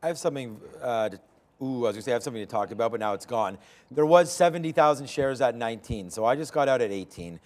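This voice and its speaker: A man's voice: mid-range voice, animated, fast, darkish tone. A man hosting a live day trading show from a studio trading floor, chatting casually about trades with loose fillers. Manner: loose and laughing, lots of fillers.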